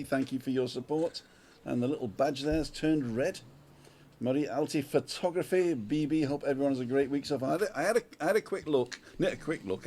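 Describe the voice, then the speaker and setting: Recorded on a smartphone on an outdoor balcony, a man runs a casual livestream, chatting as he welcomes viewers and reads their names aloud. He has a mid-range voice with a darkish tone.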